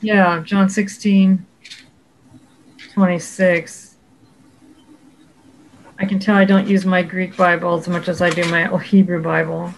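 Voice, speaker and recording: A woman explaining Bible passages in a relaxed discussion, slowing down to quote verses. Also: on the low side, creaky, slight background noise, low-quality recording. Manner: explanatory, quotes scripture slowly, some restarts. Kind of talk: casual scholarly discussion.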